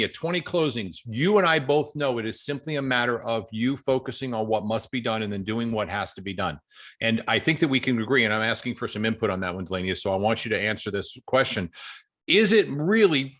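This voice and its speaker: A man leading a coaching group call, animated and upbeat, telling stories to encourage the members. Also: mid-range voice.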